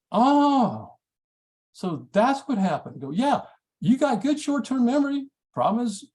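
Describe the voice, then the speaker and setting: A middle-aged man presenting a math study skills workshop in a folksy, animated way, acting out his exchanges with students. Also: on the high side, gravelly. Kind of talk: conference workshop talk.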